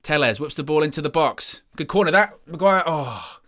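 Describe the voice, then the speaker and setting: A man's voice: a little high, animated, moderate pace, sharp tone. A young man hosting a live football watch-along, rambling and glum about his team's play. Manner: dejected, rambling, self-mocking. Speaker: match watch-along host.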